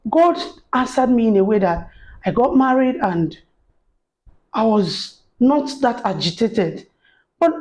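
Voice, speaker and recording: A woman's voice: high voice, a little mellow, poor audio. A woman giving an earnest personal faith testimony to camera, acting out the voices of people she quotes. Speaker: faith encouragement speaker.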